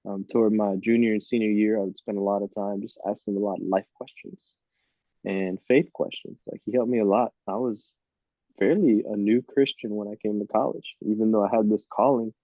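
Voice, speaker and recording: A man in his thirties from Miami, a podcast guest telling lively, laughing stories about his college baseball days. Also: fairly low pitch, a little fast, dry recording, narrow, tinny audio. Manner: lively, laughing anecdotes with quoted voices. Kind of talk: casual storytelling on a podcast.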